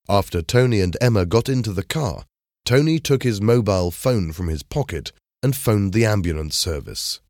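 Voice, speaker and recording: A man reading a simple story aloud in clear, measured narration. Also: fairly low pitch, animated, a little mellow, dry recording, studio quality. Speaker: storybook reader. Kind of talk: scripted narration of a graded reader.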